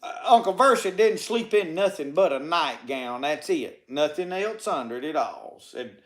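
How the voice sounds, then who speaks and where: A man's voice: fairly high pitch, animated, normal speed, fairly bright tone. A man with a Mississippi accent telling folksy tall tales in a drawl, stringing everything together with "said". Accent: Southern US, Mississippi. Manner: drawling, repeats "said" constantly. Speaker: storyteller. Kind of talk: folksy tall-tale storytelling.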